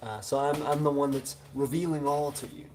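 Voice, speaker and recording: A man with a Southern US accent hosts a live stream, loosely chatting his way through viewer comments with plenty of filler sounds. His voice is fairly high, steady and a little mellow at normal speed, with a slight hiss or hum in the audio.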